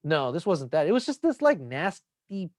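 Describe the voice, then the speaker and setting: A young man co-hosting a casual podcast, swearing freely as he rambles through a story. His voice sits a bit high and sounds dry and close, with no room sound behind it. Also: very animated, normal speed, darkish tone, dry recording. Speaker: podcast co-host. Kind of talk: casual chat.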